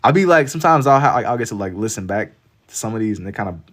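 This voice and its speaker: A man's voice: fairly low pitch, animated, racing, fairly bright tone. A man from Kentucky with a Southern accent, chatting casually and rambling with lots of "like" while he draws on a live stream. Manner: laid-back, rambling, heavy on filler "like".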